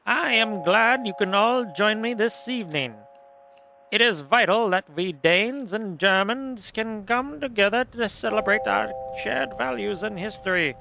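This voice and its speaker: A man's voice: fairly high pitch, big pitch swings, fairly quick, pushed and bright, dull audio, a little hiss or hum. A man voicing a pompous middle-aged collaborator hosting a dinner, speaking in a stately manner with a put-on accent. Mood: ceremonious.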